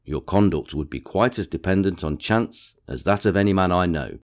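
A man reading the part of a proud, reserved gentleman who speaks in a dry, measured, coolly precise way. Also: low-pitched, animated.

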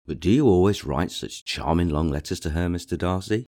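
A man reading a gushing society lady, very deep. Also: a little fast, darkish tone. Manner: gushing, eager to please. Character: fawning flattering young society woman.

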